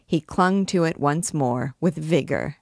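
Low-voiced woman reading a classic novel aloud. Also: a little slow, vocal fry, no echo, studio quality. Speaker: reader of a book.

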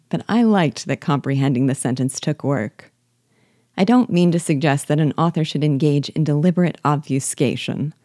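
A woman with a low, mellow voice talks through a novel chapter by chapter in a reflective, gently wry way. She reads passages aloud between her own remarks. The recording is close and dry, with no room sound. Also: dry recording. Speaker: host guiding listeners through a novel. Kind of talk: literary commentary podcast.

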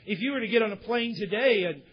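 A man's voice: sits high, fast talker, breathy edge. A male pastor preaching a sermon, telling stories with candid, conversational asides to his congregation, on a dull lo-fi recording. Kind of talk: sermon with storytelling. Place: church service.

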